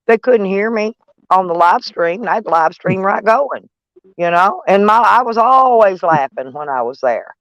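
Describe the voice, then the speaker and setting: A woman's voice: medium pitch, lively intonation, moderate pace, no room sound. A woman, chatting to her viewers from inside her van in a rambling, folksy and salty way. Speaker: vlogger. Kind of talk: casual rambling chat to viewers.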